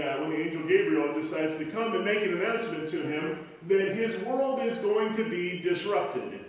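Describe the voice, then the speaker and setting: Chatty pastor in echoey hall. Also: male voice, high-pitched. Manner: rambling, chatty, many fillers and restarts. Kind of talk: conversational sermon. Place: church sanctuary. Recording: very echoey hall, voice far from mic.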